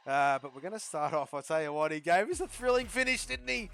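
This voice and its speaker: A man's voice: a little high, big pitch swings, quick pace, a bit bright, smooth. A man hosting a sim racing league's post-race interviews, upbeat and chatty with friendly banter and repeated stock phrases. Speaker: league host interviewing drivers.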